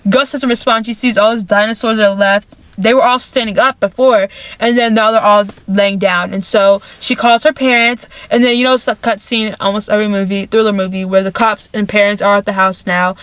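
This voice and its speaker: A woman's voice: a little high, moderate pace, no room sound. A woman vlogger retelling a movie plot in casual chat, repeating herself and filling with "like". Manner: chatty, repeats phrases, many "like" fillers.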